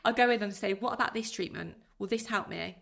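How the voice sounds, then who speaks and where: Earnest gravelly-voiced woman. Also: medium pitch, fairly bright tone. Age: 30s. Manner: earnest, heartfelt, speaks in rushes of feeling. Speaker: podcast guest. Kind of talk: emotional personal interview.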